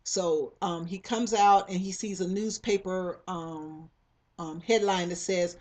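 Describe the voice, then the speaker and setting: A woman's voice: lowish voice, fairly even intonation, takes it slowly, darkish tone. Rambling woman retelling a story. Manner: rambling, many fillers and restarts, acts out quoted lines. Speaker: book club reader retelling a novel. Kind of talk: casual spoken story retelling.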